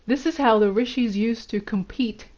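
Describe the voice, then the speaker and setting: A woman's voice: fairly high pitch, normal speed, a little mellow, lo-fi sound, lightly acted. A woman reading the lines of an elderly male guru, lecturing in an instructive way. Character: elderly male Indian guru, stern teacher.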